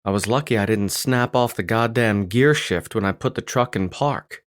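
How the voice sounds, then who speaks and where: Gruff man narrating an audiobook. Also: on the low side, moderate pace, dry recording, clean studio sound. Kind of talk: first-person audiobook narration.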